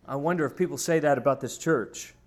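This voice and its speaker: A man's voice: a little high, fairly quick. A man preaching a sermon in an emphatic, storytelling way, addressing his congregation. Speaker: pastor.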